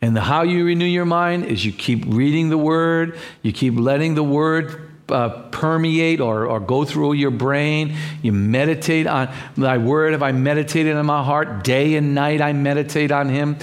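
A male pastor preaching with fervent, repetitive conviction. His voice sits a little higher than most men's, and he often stumbles and restarts mid-phrase as he drives his points home. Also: normal speed, hardly any pauses. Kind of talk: sermon.

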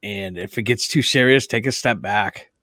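A man's voice: lowish voice, normal speed, bright, forceful tone, dry recording. A middle-aged man, a guest on a casual podcast, joking crudely and swearing freely. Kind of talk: casual chat.

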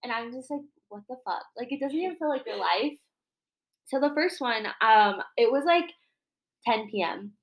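A young woman in her twenties with a slightly high voice tells workplace stories in a loose, chatty podcast. She swears freely and jumps into the voices of the people she quotes, keeping the story moving. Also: expressive, moderate pace, rough recording. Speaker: podcast co-host. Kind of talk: casual chat storytelling.

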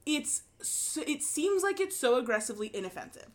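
A woman's voice: high-pitched, big pitch swings, brisk. A young woman co-hosting a podcast, giving blunt, opinionated takes in casual chat and swearing freely. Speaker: podcast co-host.

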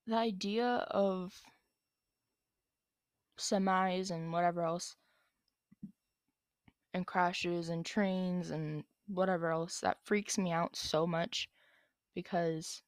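A woman's voice: on the low side, fairly even intonation, takes it slowly, long pauses, no echo, clean studio sound. A young woman answering viewer questions in a casual vlog, rambling with lots of ums and likes.

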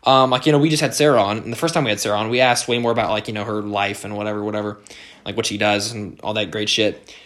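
A man's voice: fairly low pitch, fairly even intonation, fast talker, a bit bright. A young American man hosting a solo podcast, talking casually in a rambling way with lots of fillers, restarts and swearing. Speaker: podcast host.

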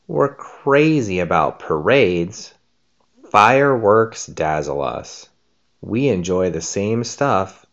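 A woman's voice: extremely low pitch, lo-fi sound. A woman hosting a children's story show, reading a picture book aloud in a playful, coaxing way. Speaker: host and story reader.

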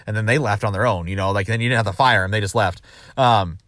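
A man's voice: fairly low pitch, quick pace, a bit bright, dry recording, studio quality. A man giving casual advice as a sales manager, rambling with restarts and acting out quoted dialogue.

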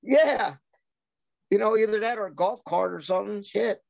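A man's voice: sits high, normal speed, vocal fry, darkish tone, no echo, dull audio. Man telling rambling, profane wrestling stories. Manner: rambling anecdotes, acts out quoted dialogue, swears freely. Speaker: professional wrestler. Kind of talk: casual podcast storytelling.

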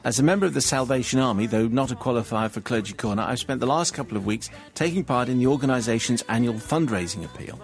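A man's voice: medium pitch, quick pace, few pauses, faint music behind. A British man presenting a radio film show, reading listener emails in a dry, puzzled way.

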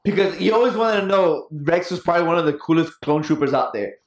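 A man's voice: on the high side, quick pace. A man in casual podcast chat, blunt and swearing often. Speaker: podcast co-host. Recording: echoey room.

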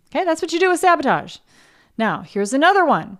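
Her voice is high, sing-song, brisk and a bit bright. She's a podcast host and artist coach giving a casual pep talk, speaking frankly with plenty of swearing while voicing the self-doubt her listeners carry inside.

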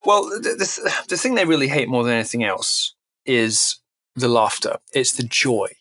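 A man talking as a guest on a podcast, lively and emphatic, stumbling over his own restarts as he pushes his points. His voice sits at a middling pitch. The sound is dry and close, with no room echo. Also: moderate pace. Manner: animated, emphatic, frequent restarts. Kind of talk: podcast interview talk.

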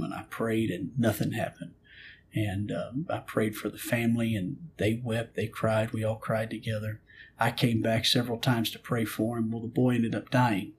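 Man, pastor, middle-aged, gravelly voice, earnest preaching storyteller, faint rumble behind. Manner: earnest preaching storyteller, acts out prayers and God's replies. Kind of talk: storytelling in a spiritual conversation.

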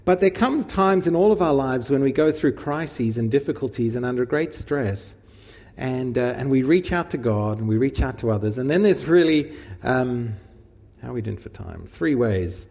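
A man's voice: medium pitch, expressive, moderate pace, gravelly, a little mellow. A man preaching a sermon in a casual, conversational way. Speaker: pastor. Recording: long hall reverb.

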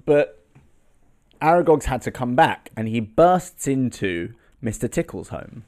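A man's voice: medium pitch, animated, unhurried, darkish tone. A man co-hosting a comedy podcast, improvising a silly story with a rambling, giggly delivery. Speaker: podcast co-host.

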